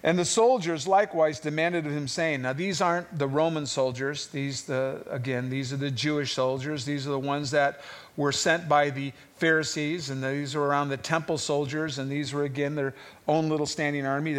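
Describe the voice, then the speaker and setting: Male Bible teacher, conversational sermon delivery, lightly raised pitch, animated when quoting. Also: moderate pace. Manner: conversational, rising to animated voices for quoted figures.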